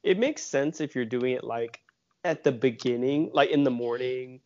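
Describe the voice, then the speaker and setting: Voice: medium pitch, moderate pace, a little mellow, no room sound. A podcast co-host in casual chat, exasperated and full of rhetorical questions. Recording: dry muffled lo-fi.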